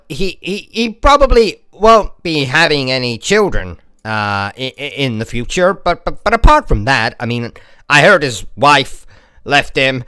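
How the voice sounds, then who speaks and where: A man playing a grizzled, coffee-addicted male detective in a spoof sponsor ad, deadpan and faltering. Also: mid-range voice, clear, resonant tone, no echo.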